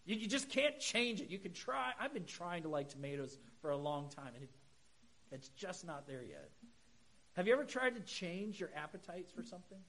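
A middle-aged pastor preaching a sermon in a conversational way, with humorous asides and emphatic high points. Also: male voice, sing-song, normal speed, fairly bright tone, poor audio.

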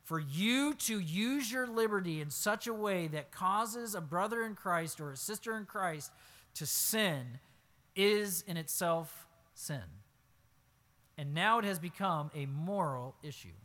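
A man preaching a sermon as pastor, reading scripture aloud and then explaining it, swinging from low asides to loud emphatic exclamations. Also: lively intonation, takes it slowly. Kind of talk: expository sermon.

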